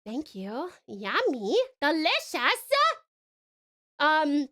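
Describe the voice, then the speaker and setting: An Australian woman from Tasmania with a high, bright voice chats with her viewers on a live stream. She is bubbly and excitable, breaking into giggles as she talks. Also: very slow. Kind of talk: casual live-stream chat.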